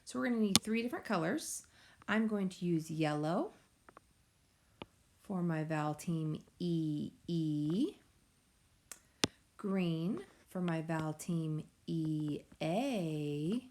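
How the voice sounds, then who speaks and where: A woman teacher giving a recorded phonics lesson to young children, explaining slowly and patiently in a sing-song way. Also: low-pitched, slight background noise. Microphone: tablet or device mic.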